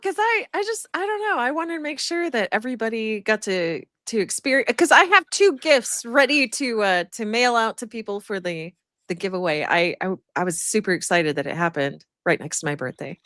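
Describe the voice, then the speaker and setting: Woman streamer rambling thru a story w lots of ums, high bright voice, dry sound. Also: animated, moderate pace, no room sound. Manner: laughing, rambling with many fillers. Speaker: guest streamer. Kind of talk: casual storytelling on a livestream.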